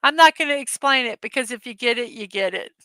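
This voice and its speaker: A woman's voice: on the high side, animated, fast talker, sharp tone, dry recording. A woman hosting a casual morning livestream, chatting loosely, giggling often and reading viewer comments aloud. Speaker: livestream host. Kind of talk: casual live-stream chat.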